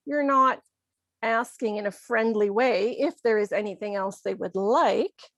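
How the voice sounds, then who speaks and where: A woman teaching English to learners, explaining things slowly and carefully with acted examples. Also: medium pitch, dry recording. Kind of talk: slow, careful ESL lesson.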